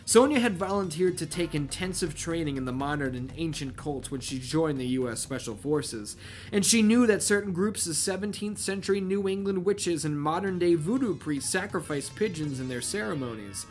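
Soft music sits under a man whose slightly high voice has lively intonation and a moderate pace. He hosts a channel where he reads a novel aloud for comedy, cutting into the text with wry asides.

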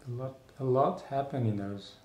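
A man's voice: medium pitch, darkish tone. Man musing in an echoey room. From Netherlands. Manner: thoughtful, halting, many restarts and fillers. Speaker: artist guest. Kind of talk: casual interview conversation.

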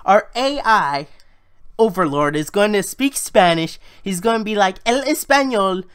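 A woman's voice: mid-range voice, animated, unhurried, smooth. A woman in a solo vlog, ranting about the economy in a heated, frustrated way with plenty of swearing. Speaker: vlogger. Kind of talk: solo political rant.

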